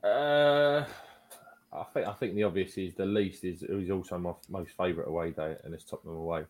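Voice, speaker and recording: A man's voice: low-pitched, brisk, darkish tone. A man co-hosting a casual fan podcast, talking in a laid-back, blunt way with lots of fillers. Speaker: podcast co-host. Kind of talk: casual chat.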